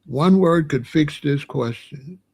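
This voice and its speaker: A man in his sixties hosting a livestream, chatting casually to his live chat in a slow, repetitive, drawling way. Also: fairly high pitch, gravelly, a little mellow, slightly rough. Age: 60s. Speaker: livestream host.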